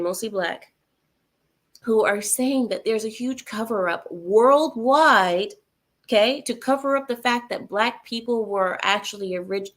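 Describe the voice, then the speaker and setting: Woman, livestream host, casual chat, sarcastic, laughs often, reads viewer comments, mid-pitched voice.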